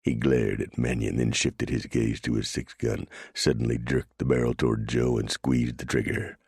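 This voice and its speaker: A man narrating a western audiobook in a steady, measured way. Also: rumbling low, gravelly, husky, no echo, clean studio sound. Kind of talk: scripted narration.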